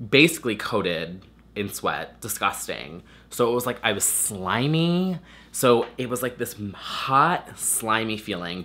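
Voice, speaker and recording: A man's voice: on the low side, sharp tone. A young man with a nasal voice chatting casually and swearing often, recovering from a swollen throat. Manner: chatty, swears a lot, many "like" fillers. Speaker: vlogger. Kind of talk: casual chat.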